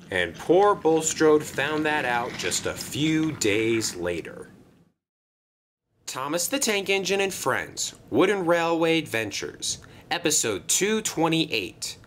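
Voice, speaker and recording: A man narrating a homemade toy-train story in an expressive storybook manner. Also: on the high side, slight background noise.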